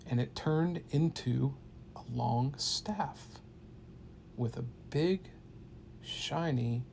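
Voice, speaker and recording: A man telling an improvised bedtime story to a child in an animated, playful way, sometimes dropping to hushed tones. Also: medium pitch, vocal fry, slight background noise.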